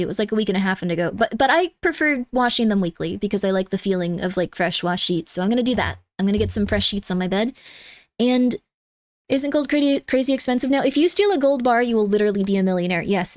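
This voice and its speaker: A woman's voice: a little high, no echo. A woman streamer chatting casually to her live audience, rambling and giving advice with plenty of fillers.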